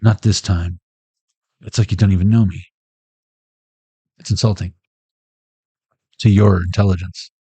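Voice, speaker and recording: A man's voice: deep voice, fairly even intonation, measured pace, pauses often, mellow, breathy edge, no room sound. A man hosting a casual card reading in a sarcastic, profane, joking manner. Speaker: intuitive card reader.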